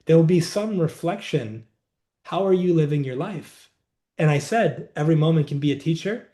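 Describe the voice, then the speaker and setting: A man as a podcast guest, calmly explaining a wellness practice in a reflective, conversational way, seated indoors. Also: a little high. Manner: reflective, unhurried, says "like" often. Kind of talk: conversational interview, teaching.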